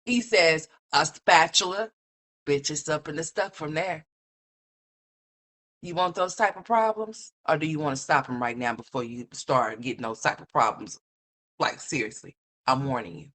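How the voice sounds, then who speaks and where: A woman with a low voice hosts a ranting commentary stream. She scolds bluntly and curses freely. Now and then she mocks other people by mimicking them in a higher voice. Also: normal speed, fairly bright tone. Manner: blunt, scolding, profane, mocking.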